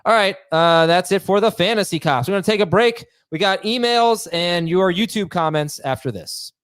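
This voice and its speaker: A man hosting a casual podcast chat, reading listener emails aloud and talking in quick, halting bursts. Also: sits high, fairly bright tone, clean tone, no room sound, studio quality.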